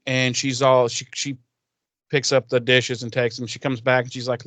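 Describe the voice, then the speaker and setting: A man's voice: medium pitch, level tone, normal speed, a bit bright, dry recording. A man co-hosting a podcast, recapping an episode in a jokey, profane way and laughing often. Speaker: podcast co-host. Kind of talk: casual recap chat.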